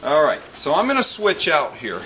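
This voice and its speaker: A man trains a horse and talks the viewer through each step in an even, soothing way. His voice sits slightly high. Loud crickets and insects chirp behind him in the open air. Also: normal speed, recorded from a distance, poor audio. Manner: calm, soothing, repeats praise. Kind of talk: instructional commentary while working. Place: outdoor pen. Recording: outdoors with loud insect noise.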